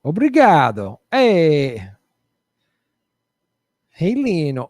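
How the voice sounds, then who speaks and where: A man hosting a casual livestream, answering viewer questions with animated commentary and mocking voices. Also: fairly high pitch, normal speed, no echo, studio quality. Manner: animated, jumps between mocking voices and mutters.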